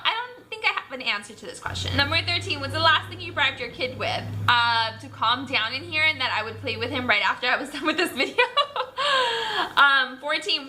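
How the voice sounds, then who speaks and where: A woman's voice: high-pitched, sharp tone, a little hiss or hum. A young woman, a mom, reading out tag questions at home and answering them in a chatty, candid way with many fillers. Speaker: mom vlogger. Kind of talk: casual tag video, reading questions aloud. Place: home room.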